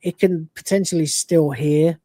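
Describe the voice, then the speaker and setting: A man's voice: on the high side, fairly even intonation, unhurried, mellow, dry recording. A man hosting a casual review podcast, rambling with many fillers and acting out quoted lines. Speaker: podcast host.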